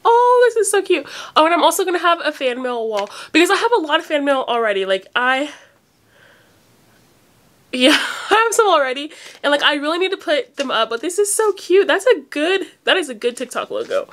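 High-voiced young woman, rambling and teary. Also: very animated, normal speed, a bit bright. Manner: rambling, emotional, near tears, many "like" fillers. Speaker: vlogger opening fan mail. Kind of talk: casual unedited phone vlog. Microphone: phone.

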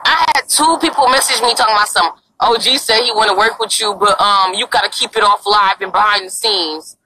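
Speaking fairly quickly in a bright, forceful mid-range voice, a young woman chats on a casual phone livestream from an outdoor parking lot. She comes across as brash, crude and pleading, and the recording is dry and rough.

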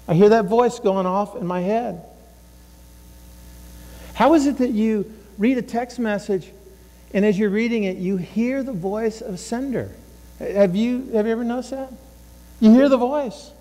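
A man's voice: high voice, a little mellow. A middle-aged male pastor preaching in a conversational style, repeating himself and acting out other people's words. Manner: conversational, repeats words, acts out quoted voices. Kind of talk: sermon. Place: church sanctuary. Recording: long hall reverb.

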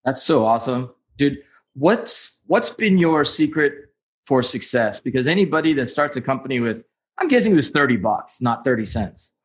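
A man's voice: mid-range voice, very animated, normal speed. A man hosting a podcast interview, talking candidly and casually and repeating words as he goes. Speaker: podcast host.

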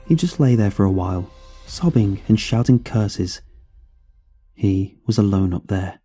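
A man reading a horror story aloud in a somber, measured storytelling manner. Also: lowish voice, expressive, mellow, husky, soft background music. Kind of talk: scripted horror narration.

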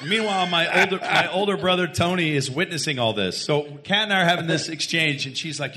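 A man's voice: on the high side, brisk, hardly any pauses. A man with a Texan accent, a radio host, telling a funny story live to an audience and acting out the quotes. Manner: animated, acts out quotes, laughs often.

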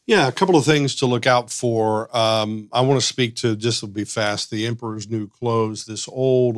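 A man talks through ideas as a counselor in a podcast discussion, lively and animated, and slips into quick impressions of the people he describes. His voice sits at an ordinary middle pitch. The sound is close and dry, with no room around it. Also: no room sound. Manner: animated, acts out quoted voices.

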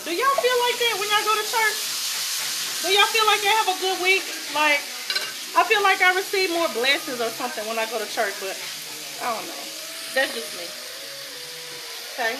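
A woman with a Southern US accent chatting excitedly to viewers while she cooks in her home kitchen. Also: very high-pitched. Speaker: home cooking vlogger. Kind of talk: casual cooking chat to viewers. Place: home kitchen with food sizzling. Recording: noisy kitchen background.

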